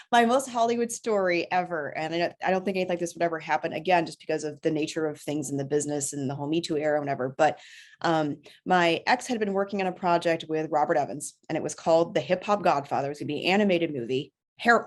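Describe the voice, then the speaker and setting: Lively storytelling woman, lowish voice. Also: fast talker. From New York. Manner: lively storyteller who acts out voices, frequent laughs. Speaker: filmmaker guest. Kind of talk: conversational anecdote.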